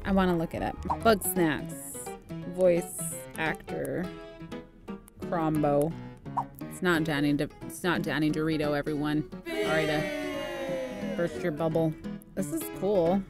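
A woman's voice: low voice, slow, long pauses. A woman in her thirties playing a video game with giggly, chatty commentary. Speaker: gaming YouTuber. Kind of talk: let's play commentary. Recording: commentary over game music.

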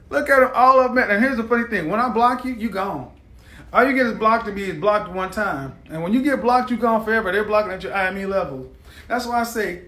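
A man hosts a live stream in a blunt, mocking, combative rant. His voice sits fairly high for a man. The sound carries the echo of a roomy space. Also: a bit bright, slight background noise.

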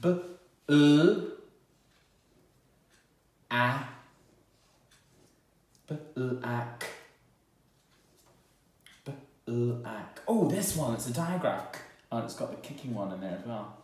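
A man teaching a children's phonics lesson, sounding out words slowly and cheering the children on. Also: mid-range voice, expressive, a little mellow, a little hiss or hum. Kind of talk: home-learning phonics lesson. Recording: very echoey room.

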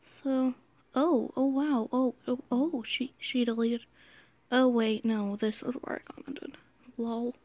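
A woman giving casual, rambling commentary as she scrolls through posts, now and then dropping into quiet whispers. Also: a little high, steady tone, slow, dry recording. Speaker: channel host.

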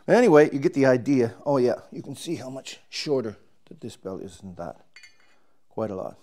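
A man's voice: medium pitch, lively intonation, normal speed, dark tone. A man, a trumpet player, casually explaining and demonstrating his instrument, thinking aloud as he works and restarting his sentences.

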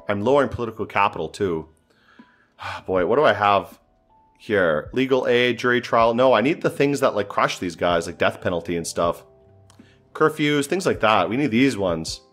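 A man's voice: lowish voice, lively intonation, normal speed, a bit bright, soft background music. A man thinking aloud as he plays a strategy game, often exasperated and swearing. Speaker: gameplay commentator. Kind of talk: casual gameplay commentary.

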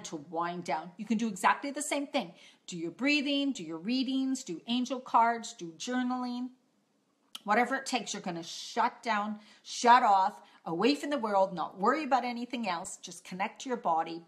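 A woman's voice: medium pitch, a bit bright. A woman health coach giving an upbeat, emphatic motivational talk to camera, recorded on a phone. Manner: upbeat, emphatic, repeats key points.

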